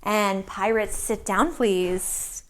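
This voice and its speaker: Slow, gentle woman teaching kids' yoga. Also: medium pitch, fairly even intonation, a little hiss or hum. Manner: gentle, encouraging, speaks to young children. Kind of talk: children's yoga class with sing-alongs.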